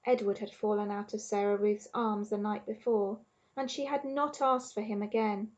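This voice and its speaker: A woman teacher with an English accent reading a storybook aloud to her class in an expressive, measured way. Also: medium pitch, lo-fi sound. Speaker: primary school teacher.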